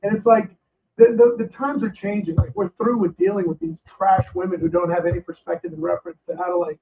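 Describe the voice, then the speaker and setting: Ranting guest on a tinny phone line. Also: male voice, high-pitched, steady tone, fast, gravelly, a little hiss or hum. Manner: heated ranting, many restarts and fillers. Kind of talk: casual interview chat.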